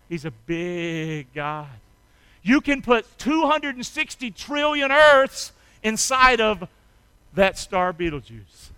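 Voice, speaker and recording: A man preaching a sermon as pastor, animated and calling on the congregation to respond, swinging from hushed intimacy to loud shouts. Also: high voice, clear, resonant tone. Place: church.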